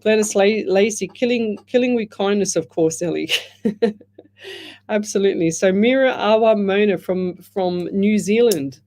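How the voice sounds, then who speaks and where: Warm in tone, medium-pitched and a little slow, a woman hosts a live radio program as a psychic medium. She chats loosely over a headset mic in a radio studio, reading out listeners' comments and greeting them by name.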